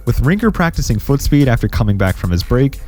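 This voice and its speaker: A man narrating a scripted gaming history video in a steady, explanatory way. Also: medium pitch, fast talker, soft background music.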